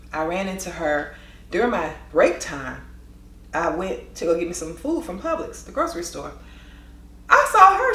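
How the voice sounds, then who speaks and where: Lively woman storyteller with a swooping, expressive voice and a dramatic delivery; roomy echo. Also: a little high. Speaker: vlogger and former teacher. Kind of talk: animated storytelling.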